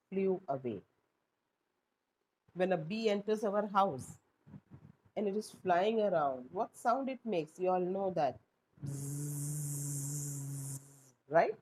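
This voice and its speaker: A woman, teaching a class and explaining slowly with rhetorical questions. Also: lowish voice, a little hiss or hum, rough recording. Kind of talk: classroom lesson.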